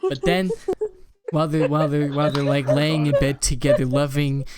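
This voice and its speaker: A man's voice: fairly high pitch, little pitch movement, a little fast, over a noisy crowd. A young man streaming live, rambling through a crude improvised story. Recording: loud background noise.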